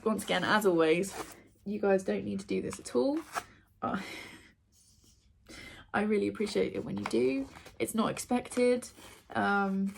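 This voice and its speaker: A woman's voice: mid-range voice, gravelly. A young woman chatting casually through her monthly reading wrap-up, with frequent ums and likes. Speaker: book vlogger.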